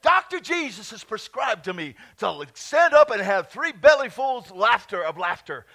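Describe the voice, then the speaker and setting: A man preaching a charismatic sermon in a church, exuberant, breaking into laughter and shouted praise. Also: high voice, big pitch swings, moderate pace. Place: church sanctuary.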